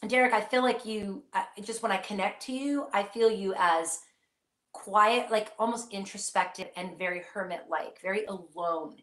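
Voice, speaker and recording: A woman's voice: mid-range voice, normal speed, a bit bright, echoey room. A woman hosting a live psychic question-and-answer stream, speaking earnestly and reassuringly straight to her viewers.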